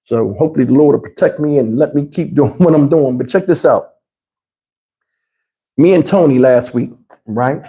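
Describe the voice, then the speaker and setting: A middle-aged man tells a profane, animated story to his livestream chat. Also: normal speed, long pauses. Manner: animated, profane, swings into high voices to mimic others. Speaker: livestream host.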